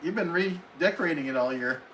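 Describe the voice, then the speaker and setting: A man's voice: fairly high pitch, fairly quick, fairly bright tone, slight background noise, poor audio. Chatty man hosting a live stream. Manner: reads viewer comments aloud in friendly, chatty replies. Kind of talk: casual live stream chat.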